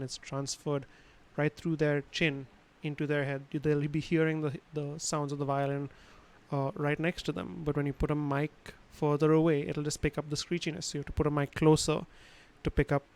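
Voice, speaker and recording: Man, livestream sound lesson, smooth clear voice, fairly high pitch, rambling with restarts, home mic. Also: a little mellow, poor audio. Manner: casual, digressive, many fillers and restarts. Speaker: instructor. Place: his home room. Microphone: home studio microphone.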